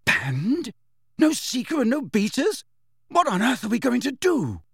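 A man's voice: fairly high pitch, animated, unhurried, clean tone, no room sound, clean studio sound, voice pushed up. A man reading aloud, voicing a dismayed teenage girl who captains her team, in a hollow voice.

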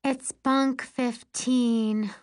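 A woman voicing a friendly, soft teen girl. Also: fairly high pitch, steady tone, drawn-out words, clear, resonant tone, pitched above the performer's own voice. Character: friendly shy teen girl camper, guide.

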